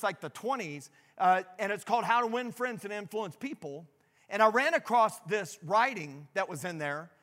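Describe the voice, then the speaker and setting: Guy preaching, earnest and choked up, kinda high voice, big echo hall. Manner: emotional, earnest, voice drops soft and low while reading. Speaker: pastor. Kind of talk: sermon with a read-aloud passage.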